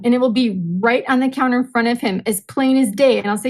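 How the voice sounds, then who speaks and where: A woman with a slightly raised pitch speaks as a podcast guest. She tells anecdotes animatedly, slipping into the voices of the people she quotes. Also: fairly quick, hardly any pauses, low-quality recording. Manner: animated storyteller, acts out dialogue. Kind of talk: casual conversational interview.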